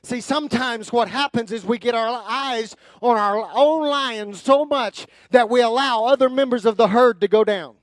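A man preaching a sermon from the pulpit, emphatic and building into forceful runs. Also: very high-pitched, moderate pace, few pauses, dry recording. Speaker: pastor.

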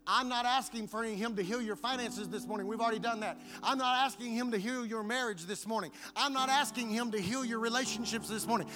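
A man's voice: very high voice, fairly quick, hardly any pauses, music in the background. A man preaching a sermon to his congregation, building fervor through repetition. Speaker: pastor.

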